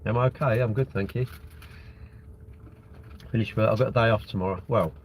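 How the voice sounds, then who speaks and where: A British man in his sixties livestreams from a parked car, his phone propped at the windscreen, rambling casually as he answers viewer comments. His voice sits on the low side and moves briskly, with slight background noise.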